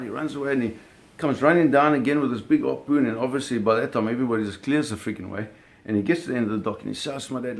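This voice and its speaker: A creaky, fast-talking man of medium pitch recounts something that happened to him, loose and profane, bringing the scenes to life by imitating sounds and acting them out.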